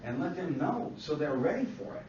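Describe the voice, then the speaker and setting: A man's voice: a little high, sing-song, fairly quick, a little mellow, slight background noise. A man teaching a class, lecturing emphatically, repeating points and asking the students questions. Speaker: instructor. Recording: distant, echoey, dull classroom recording.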